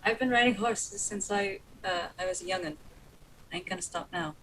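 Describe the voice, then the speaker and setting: A woman's voice: medium pitch, normal speed, fairly bright tone, slight background noise, close to an everyday voice, poor audio. A woman player voicing a folksy horse rider in a put-on Southern drawl, easygoing and slangy. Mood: confident.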